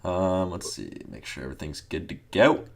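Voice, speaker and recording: A man's voice: low voice, animated, normal speed, vocal fry, a little hiss or hum. A young man co-hosting a livestream in casual, joking chat, playful and self-mocking. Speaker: livestream co-host.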